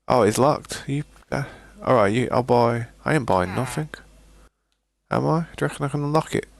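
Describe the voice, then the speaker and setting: A gravelly, mid-range voice at a moderate pace belongs to a British man streaming a game. He talks casually with his viewers, frequently starting sentences over and calling them mate and boys.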